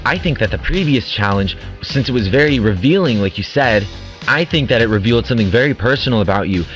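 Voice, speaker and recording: A man's voice: medium pitch, expressive, fast talker, fairly bright tone, faint music behind, lightly acted, rough recording. A man voicing a flirty female singer contestant in a comedic audio drama, giggling through her guess.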